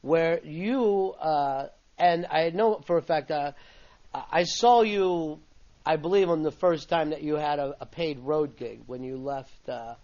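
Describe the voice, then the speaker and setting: A male radio host with a higher voice, easy and talkative as he trades club stories with his guest. He laughs along and asks long, winding questions. The sound is dull, like an old satellite radio broadcast. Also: unhurried, a little mellow. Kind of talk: interview conversation. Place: radio studio.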